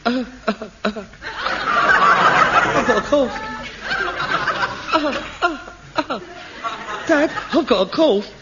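An actor playing a melodramatic, hypochondriac grown son, pompous and whining in a 1960s sitcom. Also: male voice, sits high, sing-song, normal speed, over a noisy crowd, heavy background noise. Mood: panicky. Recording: dull old television recording.

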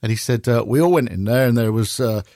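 A man's voice: mid-range voice, quick pace, no echo, clean studio sound. Bristolian man telling stories. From Bristol, England. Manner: lively storyteller, acts out quoted voices. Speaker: radio presenter. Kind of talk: casual anecdotal chat.

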